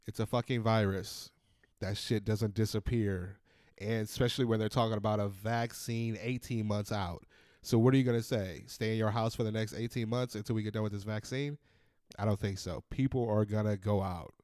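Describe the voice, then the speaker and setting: A man in his thirties hosting a podcast, ranting in a casual, profane, animated monologue. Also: fairly low pitch, moderate pace, no room sound, studio quality. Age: 30s. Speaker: podcast host.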